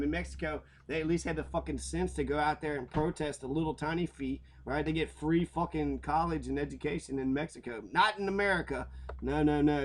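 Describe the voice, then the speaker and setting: A man giving a profane, heated, rambling rant while commenting on local news stories. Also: fairly high pitch. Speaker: commentary vlogger.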